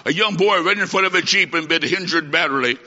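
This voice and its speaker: A high-pitched male preacher with a very bright, forceful voice delivers a fiery sermon a little fast, swinging emphatically between shouted declarations and hushed asides. The recording is dull and lo-fi, with a long reverb from a large hall.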